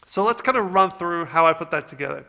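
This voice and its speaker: Upbeat bright-voiced man explaining music. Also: a little high, animated, quick pace, gravelly, long reverb tail. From Australia. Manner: upbeat, rambling with fillers. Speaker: music producer, channel host. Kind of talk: casual video walkthrough.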